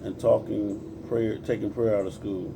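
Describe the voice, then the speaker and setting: A man's voice: fairly low pitch, little pitch movement, unhurried, vocal fry, distant mic, background noise. A man in his forties from Compton, California, ranting in a casual livestream, cursing freely and greeting viewers by name as he preaches. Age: 40s. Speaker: livestream host.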